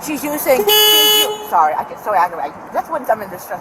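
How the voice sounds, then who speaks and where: A woman's voice: medium pitch, sing-song, fast talker. A woman in her car in a parking lot, arguing with a deputy in an agitated, rambling way, caught on the officer's body camera. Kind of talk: heated argument with a police officer. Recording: noisy outdoor bodycam audio.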